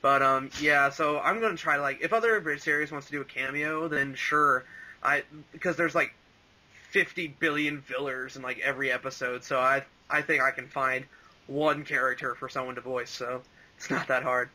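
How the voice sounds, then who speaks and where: Young dude rambling thru an interview, bright voice, tons of likes and ums. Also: male voice, mid-range voice, steady tone, moderate pace, low-quality recording. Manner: rambling, full of "like" and "um", laughs often. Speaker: interview guest, fan voice actor. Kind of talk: casual interview chat.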